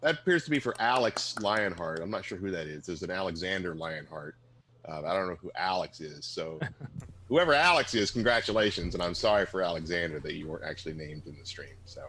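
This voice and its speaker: A man's voice: deep voice, lively intonation, brisk, bright, forceful tone, slight background noise. A man answering viewer questions about a game on a live stream, hesitant, with frequent fillers and small laughs. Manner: hesitant, many fillers, light chuckles. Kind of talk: livestream Q&A, casual.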